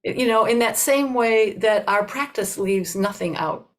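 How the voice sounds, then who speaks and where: A woman's voice: mid-range voice, expressive, low-quality recording. Older woman telling a dharma story. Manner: unhurried, conversational, frequent "you know" and restarts. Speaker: Buddhist dharma teacher.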